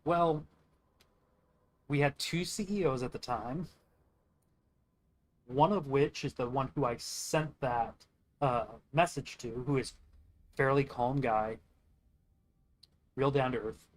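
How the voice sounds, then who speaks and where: A man's voice: mid-range voice, takes it slowly, long pauses, rough recording. A young man streaming games and telling a long rambling story in a casual, profane way, quoting others as he goes. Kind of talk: casual storytelling while gaming.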